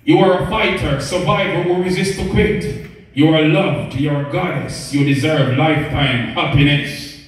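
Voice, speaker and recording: A man's voice: on the high side, steady tone, moderate pace, slight background noise. A man performing spoken word poetry on the radio, reciting in a rhythmic, rhyming, preacher-like cadence. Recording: echoey, distant from the mic.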